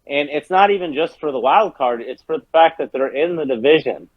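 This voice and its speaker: A man's voice: fairly high pitch, animated, brisk, dry recording, muffled recording. A man co-hosting a casual sports podcast, ranting and cursing while gaming on a headset, a little drunk. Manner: profane, heated ranting. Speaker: podcast co-host.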